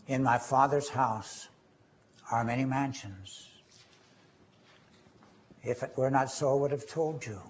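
A man preaching a sermon, quoting scripture and rising in pitch and force on key phrases. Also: slight background noise. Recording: dull lo-fi recording.

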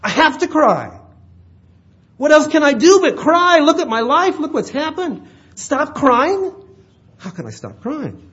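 A man's voice: sits high, wildly swooping pitch, slow, breathy edge, highs cut off, voice pushed up, exaggerated voice. A man voicing a distraught grieving widow who protests and pleads. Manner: pleading, rising in exasperation.

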